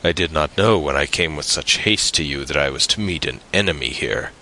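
A man's voice: a bass voice, pushed and bright, slight background noise, exaggerated voice, poor audio. A man voicing a frank young sailor. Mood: wary. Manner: direct, brisk.

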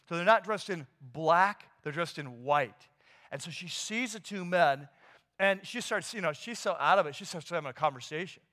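Animated man preaching in a reverberant hall. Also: high voice. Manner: animated storytelling, casual slang, many fillers. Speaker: pastor. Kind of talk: sermon.

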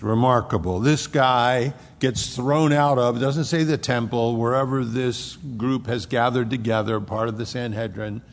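A man preaching a conversational sermon, retelling a scripture story in a folksy, animated way. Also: mid-range voice, moderate pace, hardly any pauses. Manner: folksy and animated, acts out the characters. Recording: echoey hall reverb.

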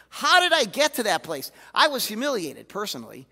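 A man preaching a sermon as a pastor, candid and animated, often acting out the voices he quotes. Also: high voice, fast, few pauses. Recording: reverberant hall.

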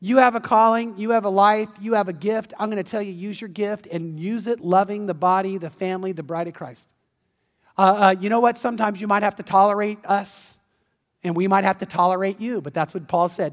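A middle-aged man preaching with a notably high voice. He tells stories animatedly, playing out each voice, then grows hushed and earnest. The sound carries a long reverb from a large church hall. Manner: animated storytelling, acting out quoted voices; drops to soft, slow, intimate appeal at the close. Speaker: pastor. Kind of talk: sermon.

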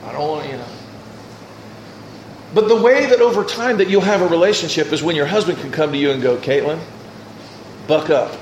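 A man's voice: on the high side, animated, fairly quick, long pauses, roomy sound, noisy background. A male pastor preaching a sermon, reading scripture and acting out what people might say.

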